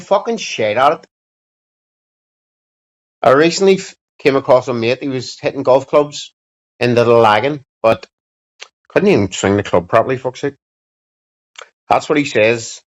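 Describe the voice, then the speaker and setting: A man's voice: medium pitch, normal speed, long pauses. A man hosting a livestream, chatting casually and bluntly to his viewers with plenty of swearing. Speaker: livestream host. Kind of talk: casual rambling chat to viewers. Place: home streaming setup. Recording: dull lo-fi sound.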